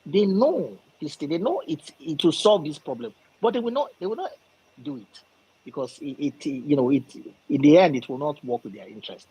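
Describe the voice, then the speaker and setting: A man's voice: on the high side, sing-song, moderate pace, mellow, breathy edge, rough recording. A Nigerian man from the southwest making an impassioned political argument, emphatic and repetitive. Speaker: discussion participant.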